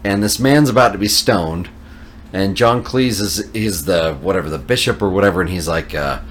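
A man's voice: low-pitched, moderate pace, slight background noise. A man in casual podcast chat, animatedly retelling a film scene and laughing at his own story.

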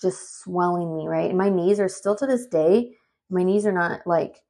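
A woman's voice: fairly low pitch, moderate pace. A woman in her thirties telling a personal story in a chatty, rambling way with lots of fillers. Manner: chatty and animated, many fillers, rambling asides.

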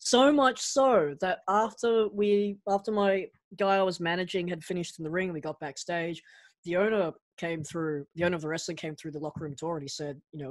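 A man being interviewed as a guest, telling stories in a lively way and often restarting his sentences. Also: on the high side, fairly quick, dry recording. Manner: animated anecdote-telling with frequent restarts. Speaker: guest, actor and pro wrestler. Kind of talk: casual interview storytelling.

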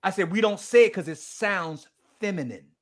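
A man speaking as a guest, telling a story in a lively, preacher-like way and acting out the quoted dialogue. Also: high-pitched, moderate pace. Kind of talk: animated storytelling talk.

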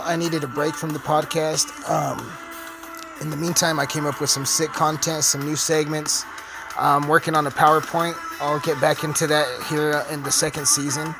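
A man's voice: a little high, little pitch movement, moderate pace, music in the background. A man hosting his podcast, ranting in a heated, profane, casual way. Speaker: podcast host.

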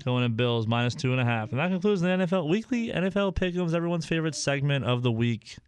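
A man hosting a casual sports radio show, jokey and rambling with quick restarts. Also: on the high side, expressive, clean tone, no room sound.

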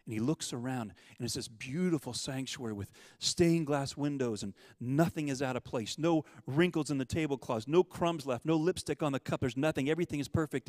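A man preaching, telling a parable and acting out the quotes, with swings between loud urgency and hushed softness. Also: mid-range voice, fairly quick, few pauses, no echo, in a large hall. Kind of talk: sermon storytelling.

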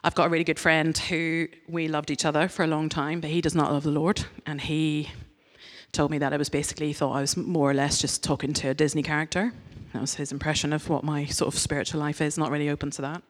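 A woman's voice: deep voice, little pitch movement, fast talker. A woman giving a conversational sermon as a church speaker, candid and self-mocking in her stories, earnest and direct in her appeals.

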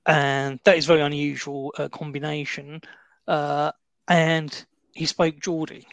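A man's voice: a little high, little pitch movement, measured pace, no echo. A British man chatting casually about a film, explaining with asides and restarts. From Britain.

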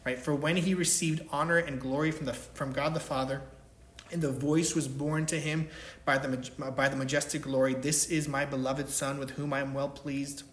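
A man's voice: on the high side, little pitch movement, moderate pace, a bit bright, reverberant. A man preaching a sermon, emphatic, stressing his points and checking in with "right?". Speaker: pastor.

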